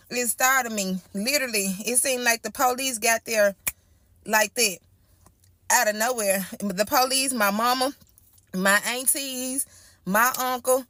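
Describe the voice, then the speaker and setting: A woman tells her own story in a relaxed storytime style, her voice sitting a bit high. She talks straight to her listeners, chatty and circling back over the same points. The sound is dry and close, with no room echo. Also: moderate pace. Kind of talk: casual first-person storytime.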